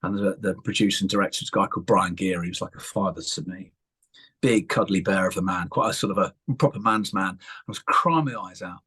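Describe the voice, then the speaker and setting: An English man in middle age, a puppeteer and panto performer, chatting in an interview and telling lively anecdotes, acting out voices as he goes. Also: low voice, quick pace, husky. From England. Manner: animated, acts out voices in his anecdotes. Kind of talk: casual interview storytelling.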